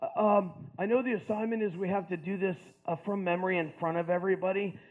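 A man voicing a big, slow-witted, nervous teenage football player who talks haltingly with ums and uhs. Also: high-pitched, steady tone, voice pushed down, natural voice. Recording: tinny phone-like sound.

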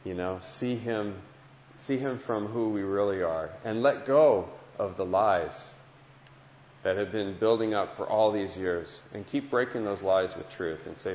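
A man's voice: on the low side, unhurried, darkish tone, slight background noise. A man preaching a heartfelt Christian sermon and testimony, earnest, often repeating phrases, to listeners in a large hall. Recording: dull lo-fi sound with long hall echo.

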